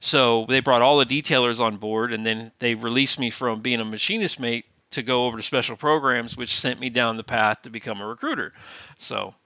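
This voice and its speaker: A middle-aged man recounts a story in a relaxed interview, slipping into other people's voices as he quotes them. His tone is bright and forceful. The sound is dull and lo-fi, with a dry, close feel. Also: mid-range voice, brisk, dry recording. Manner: lively storyteller who acts out quoted dialogue. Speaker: guest, Navy veteran. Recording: dull lo-fi remote audio.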